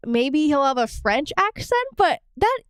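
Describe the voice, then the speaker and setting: A woman co-hosting a podcast in casual chat, chatty, repeating herself and laughing quickly. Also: high voice, sing-song, dry recording, studio quality. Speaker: podcast co-host.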